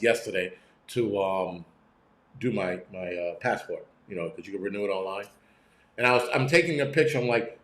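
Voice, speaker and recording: A man's voice: on the low side, reverberant. A middle-aged man hosting a prepping channel, talking in a profane, blunt, rambling livestream rant from home. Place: room at home.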